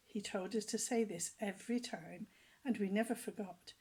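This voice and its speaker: A woman reading a children's story aloud with a gentle, animated storytelling manner. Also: mid-range voice, moderate pace, slightly rough.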